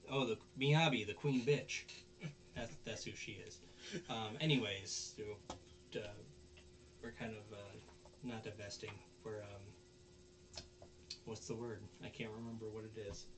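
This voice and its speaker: A man's voice: on the low side, fairly even intonation, a little slow, long pauses. Rambling man recapping an episode. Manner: rambling, many fillers and restarts. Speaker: podcast host.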